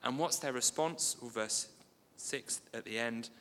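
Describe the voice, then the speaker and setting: Delivering a sermon at a measured pace, a medium-pitched man sounds bright and forceful yet easy and conversational. Between readings he slips in small asides and light humour. A long reverb suggests a large hall, with slight background noise.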